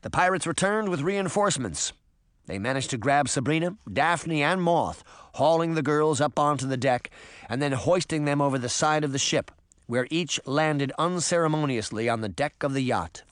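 A man reading a children's adventure novel aloud with expressive, varied narration. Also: on the high side, normal speed, no room sound, clean studio sound. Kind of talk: audiobook narration.

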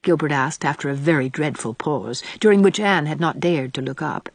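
A woman's voice: low-pitched, dry recording. Woman narrating a novel. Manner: measured, expressive storytelling. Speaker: audiobook narrator. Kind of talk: scripted narration.

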